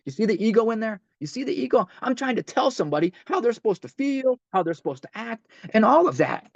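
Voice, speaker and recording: Higher-voiced man leading a recovery workshop. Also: expressive, quick pace, creaky, few pauses, no echo. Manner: repeats himself, speaks straight to the group. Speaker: leader of a recovery step workshop. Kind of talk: conversational teaching talk. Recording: dull lo-fi dry recording.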